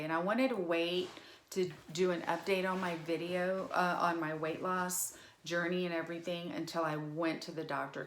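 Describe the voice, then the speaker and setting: Emotional woman in her forties, slow. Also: sits low. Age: 40s. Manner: emotional, halting, with many fillers and restarts. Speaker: vlogger. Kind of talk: casual personal vlog. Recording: echoey room.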